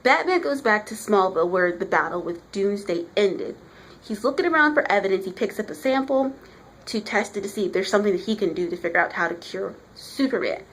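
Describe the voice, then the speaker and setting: A woman's voice: medium pitch, lively intonation, brisk. A woman giving a casual, chatty vlog review of a comic book, talking with emphasis.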